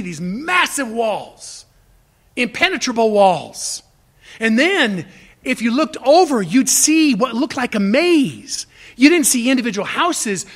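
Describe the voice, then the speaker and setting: A man preaching a sermon as pastor, emphatic and repetitive, swinging from loud exhortation to hushed asides. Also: very high voice.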